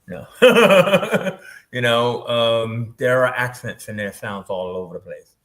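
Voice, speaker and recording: A man's voice: medium pitch, animated, slow pace, fairly bright tone. A man, a filmmaker guest in an interview, easygoing and laughing often. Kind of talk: casual interview chat.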